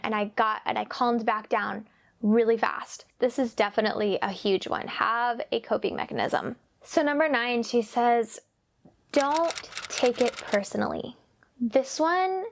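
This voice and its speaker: Earnest young mom talking to camera. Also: female voice, a little high. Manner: earnest, confiding, repeats phrases for emphasis. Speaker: parenting vlogger. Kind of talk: casual personal talk to camera.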